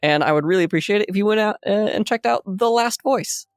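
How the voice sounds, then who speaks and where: A man co-hosting a casual podcast, playful and giggly as he reads plugs and shout-outs. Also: high-pitched, fast talker, clear, resonant tone, dry recording, clean studio sound. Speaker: podcast co-host.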